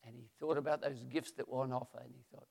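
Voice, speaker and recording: A man retelling a Bible story as a preacher, lively and acting out the voices. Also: mid-range voice, quick pace, creaky, slightly rough, in a large hall.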